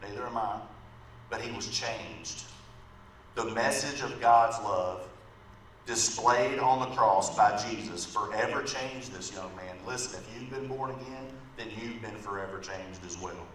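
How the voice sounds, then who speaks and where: A low-voiced male preacher, a little slow and a bit bright, delivers a sermon built around a storytelling illustration. He's conversational and keeps asking the congregation "right?", heard distantly in an echoey church sanctuary with faint background noise.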